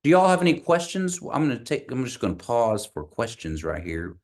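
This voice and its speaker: A man teaching an online language class over a video call, patiently repeating words slowly for learners. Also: mid-range voice, big pitch swings, darkish tone.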